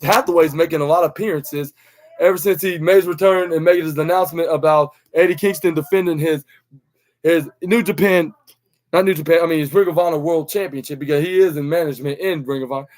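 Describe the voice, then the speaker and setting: A man's voice: on the high side, fairly even intonation, fast talker, a little mellow. Rambling young man recapping wrestling. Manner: rambling, many fillers and restarts, acts out quotes. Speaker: podcast host.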